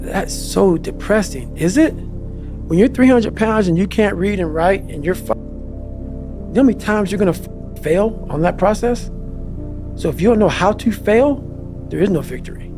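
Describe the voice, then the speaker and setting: Gravelly, intense, profane man. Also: high voice, moderate pace, pauses often. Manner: passionate, profane, emphatic. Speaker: podcast guest. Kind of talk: intense motivational monologue. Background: faint background music.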